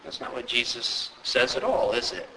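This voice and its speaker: A man preaching a sermon, often asking rhetorical questions and rising sharply in pitch for emphasis. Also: lively intonation, normal speed, pushed and bright, long reverb tail, slight background noise, poor audio. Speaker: pastor.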